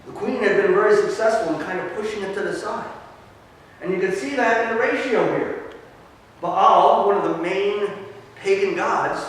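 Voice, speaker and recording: A man preaching a sermon as a pastor, telling the story with animated swings between quiet asides and loud emphasis. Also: high voice, slight background noise. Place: church sanctuary. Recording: echoey church hall from far off.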